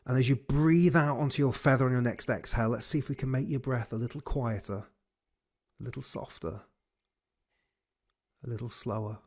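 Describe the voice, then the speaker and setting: A man leading a guided breathing class on a video call, giving slow, soothing cues. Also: medium pitch, a little mellow. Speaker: breathwork coach.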